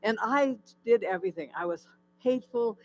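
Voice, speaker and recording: A woman's voice: fairly high pitch, animated, normal speed, darkish tone, slight background noise, rough recording. A woman giving her personal testimony at a church in a candid, conversational storytelling way. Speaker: guest speaker sharing her testimony.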